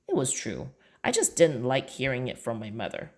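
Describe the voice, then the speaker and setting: A woman's voice: very deep voice, sing-song, moderate pace. A woman reading a children's chapter book aloud in a plain storytelling delivery. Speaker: reader.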